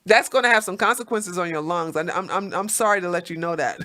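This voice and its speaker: A woman hosting a casual livestream, reading chat comments and telling animated stories with frequent laughs and repeated words. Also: fairly low pitch, fairly quick.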